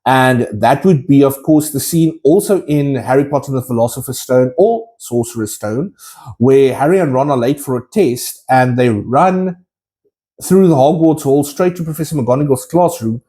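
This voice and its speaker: A man's voice: mid-range voice, normal speed, dark tone. A man vlogging casually to his viewers, enthusiastic and rambling with many restarts. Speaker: collectibles vlogger.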